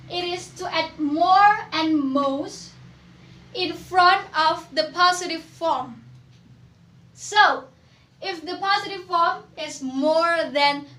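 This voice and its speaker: A young woman teaching English grammar to a class, asking questions and repeating words slowly. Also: sits high, fairly bright tone, roomy sound. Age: young adult.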